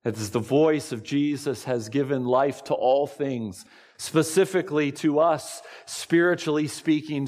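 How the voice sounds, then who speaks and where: A man preaching a sermon to his congregation, slow and deliberate, with dramatic pauses. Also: on the high side, steady tone, darkish tone, big-room sound. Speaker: pastor.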